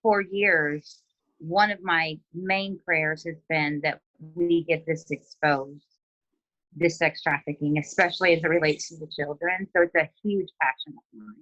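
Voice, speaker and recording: A woman calling in over a video chat, speaking earnestly and slowly. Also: low-pitched, steady tone, fairly bright tone, no echo, lo-fi sound. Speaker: caller.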